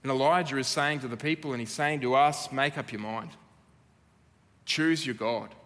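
Australian pastor, earnest emphatic sermon delivery, long church-hall reverb. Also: male voice, medium pitch, fairly bright tone. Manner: earnest, emphatic preaching with dramatic pauses.

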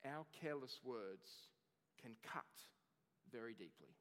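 A man's voice: mid-range voice, expressive, measured pace, a bit bright, clean tone. Male pastor, 30s, earnest sermon delivery with building emphasis, voice ringing in a big hall. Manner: earnest, builds through lists with rising emphasis.

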